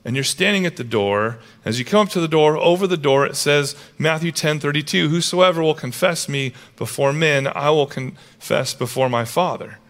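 A male pastor preaching a sermon, telling stories with lively acted-out quotes. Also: fairly high pitch, normal speed, few pauses. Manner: animated storytelling, acts out characters with raised voice.

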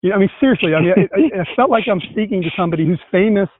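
Upbeat male host, higher voice, thin phone-like call audio. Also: rapid-fire, no echo. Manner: enthusiastic, animated storytelling. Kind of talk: casual conversation. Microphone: video call. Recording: tinny call audio, dry.

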